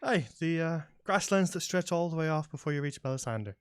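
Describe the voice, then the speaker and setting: A man's voice: a little high, expressive, fairly quick, smooth, dry recording, clean studio sound, voice pushed up, close to an everyday voice. A man voicing a friendly, apologetic elven man farmer with a folksy way of talking in a tabletop game. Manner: apologetic, folksy, saying "aye". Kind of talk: tabletop role-play character voice.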